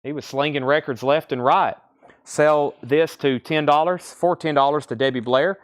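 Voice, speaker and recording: A man with a Southern US accent runs a live-streamed record sale from a store, speaking at a moderate pace in a slightly high, steady voice. He rattles off album titles and prices, mixing in chatty side comments.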